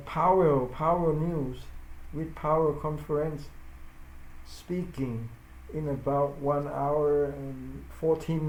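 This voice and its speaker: Slow, halting man in a roomy space. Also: fairly high pitch, a little mellow. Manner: halting, searching for words, non-native grammar. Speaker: forex trader. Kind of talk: casual live trading chat. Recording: roomy with faint noise.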